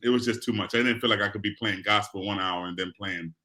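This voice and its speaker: A man with a South Bronx New York accent, hosting a casual interview and telling stories in an animated way. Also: fairly low pitch, fast talker. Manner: animated, storytelling.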